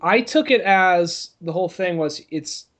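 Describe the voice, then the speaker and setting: A man's voice: high voice, lively intonation, unhurried, fairly bright tone. A man co-hosting a podcast in casual chat, easygoing, laughing and swearing. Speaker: podcast co-host.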